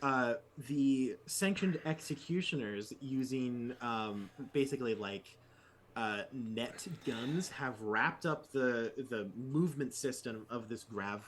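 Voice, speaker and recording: A man's voice: medium pitch, slow, fairly bright tone, slight background noise. A man narrating a tabletop game as game master, with a rambling way of talking full of fillers.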